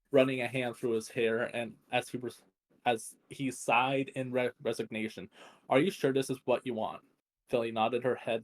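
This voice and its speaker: Man, reading fan fiction aloud, strained voice, frequent restarts, mid pitch. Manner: stumbling, frequent restarts and self-corrections. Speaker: fanfic reader.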